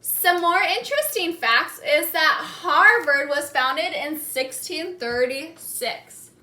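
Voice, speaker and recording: A woman teaching a lesson, saying words slowly and clearly and having the class repeat them after her. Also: high-pitched, sharp tone. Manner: slow, clear, repeating key words for learners to echo. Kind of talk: call-and-response classroom lesson.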